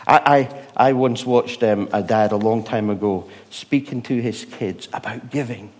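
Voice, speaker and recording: A man preaching a sermon, retelling stories with rhetorical questions, moving between loud bursts and hushed moments. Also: lowish voice, moderate pace.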